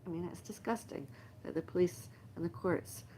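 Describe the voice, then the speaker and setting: A middle-aged woman hosting a livestream, talking in a halting, emotional, rambling monologue full of repeated lists. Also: fairly low pitch, dark tone, slight background noise. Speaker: livestream host. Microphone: phone livestream.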